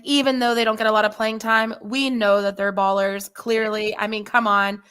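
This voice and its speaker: A woman's voice: medium pitch, steady tone, a little slow, a bit bright, clean tone. A young woman co-hosting a podcast, chatting casually about basketball, emotional and rambling, with salty language. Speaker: podcast co-host. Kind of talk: casual sports chat.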